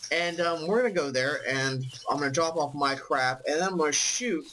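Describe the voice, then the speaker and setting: A man's voice: on the high side, moderate pace, fairly bright tone, a little hiss or hum, low-quality recording. A tired man casually commenting on his own gameplay as host, rambling with lots of ums and swearing. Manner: rambling, full of ums, profane. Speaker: let's play host.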